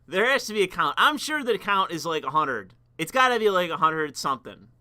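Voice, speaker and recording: A man's voice: high voice, sing-song, brisk, sharp tone. A young man streaming casual commentary, rambling and profane, laughing at his own remarks.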